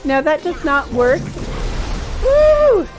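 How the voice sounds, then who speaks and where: A woman's voice: fairly high pitch, expressive, moderate pace, music in the background. A woman streaming a video game with casual, playful commentary, laughing often.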